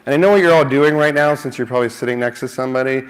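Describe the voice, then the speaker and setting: A man giving an energetic conference talk, full of jokes at his own expense. He sounds a bit winded, and his voice sits at an ordinary middle pitch. There is faint noise behind him on the hall mic. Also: very fast. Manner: joking, self-mocking, energetic. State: a little out of breath. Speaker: conference speaker.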